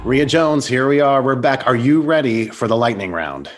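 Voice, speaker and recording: A man hosting an interview, upbeat and laughing often as he fires off quick quiz questions. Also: mid-range voice, animated, over loud music. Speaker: interview host. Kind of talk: podcast interview with quiz round.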